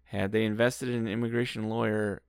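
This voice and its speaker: A man's voice: fairly low pitch, little pitch movement, a little fast, gravelly, smooth, no room sound, clean studio sound. A man co-hosting a casual recap podcast, sarcastic and swearing freely as he sums up the episode. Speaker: podcast co-host.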